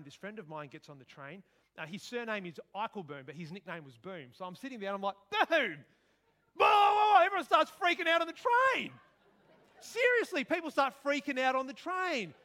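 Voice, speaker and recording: High-voiced man preaching. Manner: storytelling with sudden loud outbursts. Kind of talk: sermon.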